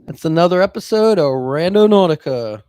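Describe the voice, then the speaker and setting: A podcast co-host in loose, casual chat, retelling stories and acting out what other people said. The voice is mid-pitched and swings widely in melody, with frequent laughter. The recording is close and dry. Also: moderate pace, clear, resonant tone, no echo. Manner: animated storyteller, laughs often, acts out quotes.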